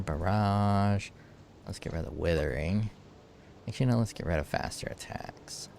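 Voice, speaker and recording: A man's voice: low voice, normal speed, gravelly, darkish tone, a little hiss or hum. A man casually commenting over his own gameplay, thinking aloud and swearing freely. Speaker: gameplay streamer.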